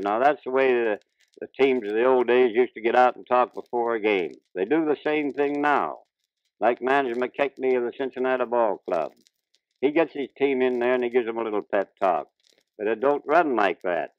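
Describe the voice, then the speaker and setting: A man's voice: medium pitch, a little fast, no room sound. An older man, a retired ballplayer, telling plainspoken folksy stories in a 1940s radio interview. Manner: plainspoken old-time storyteller, ungrammatical folksy speech. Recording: dull dry 1940s radio transcription.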